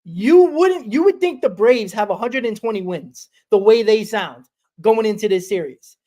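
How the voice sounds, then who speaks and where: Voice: mid-range voice, expressive, moderate pace, mellow. A sports talk host chatting casually, often restarting and repeating phrases. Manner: rambling, repeats himself. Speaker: podcast host.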